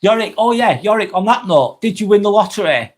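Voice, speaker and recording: A man's voice: high voice, animated, brisk. Sweary man chatting live. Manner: frank and sweary, rambling with restarts. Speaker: live vlog host reading chat. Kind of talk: casual live-stream chat.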